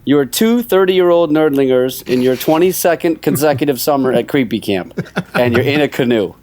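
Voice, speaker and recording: A man's voice: medium pitch, lively intonation, a little fast, a little mellow. Dry male podcast host reading quiz questions.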